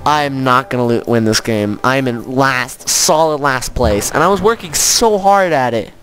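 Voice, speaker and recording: A man's voice: mid-range voice, moderate pace, fairly bright tone, soft background music. A man hosting a casual let's-play of a strategy game, joking and laughing often as he plays. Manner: playful, laughs often, jokey. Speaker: gaming channel host.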